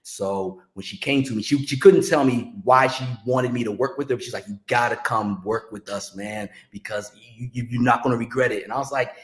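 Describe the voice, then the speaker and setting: A man's voice: mid-range voice, brisk, hardly any pauses, roomy sound. A middle-aged man from the music business, chatting casually and acting out the voices in his stories. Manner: animated storyteller acting out quotes. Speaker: music industry guest telling stories. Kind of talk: casual storytelling chat.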